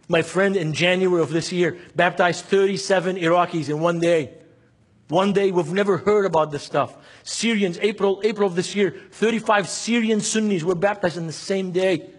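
Male preacher, high husky voice, impassioned, lots of rhetorical questions. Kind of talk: sermon.

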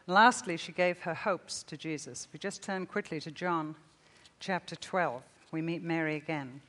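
A woman preacher with a lower voice delivers a sermon, reading her own story aloud. She swells loud on the emotional peaks and drops to a near-whisper. Her voice rings with a long reverb through a large church hall. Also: moderate pace. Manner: expressive reading, rising loud then dropping to a hush.

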